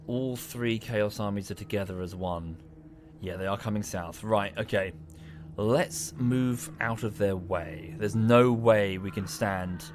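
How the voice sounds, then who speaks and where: A man's voice: lowish voice, a little slow, a little hiss or hum. A man casually narrating his strategy game on a livestream, thinking aloud and thanking viewers as he plays. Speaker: streamer playing a strategy game. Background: game music.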